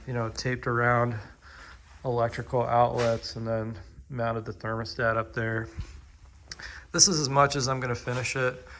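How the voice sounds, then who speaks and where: Man, middle pitch, casual DIY walkthrough, rambling, lots of ums and restarts. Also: a bit bright, a little hiss or hum. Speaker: DIY vlogger. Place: pole barn workshop.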